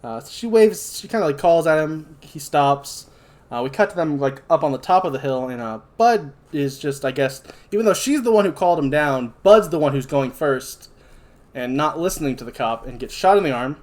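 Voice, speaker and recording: Young male podcast co-host, slightly high voice, loose rambling plot recap full of fillers. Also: animated, normal speed, darkish tone. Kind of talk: casual movie review chat.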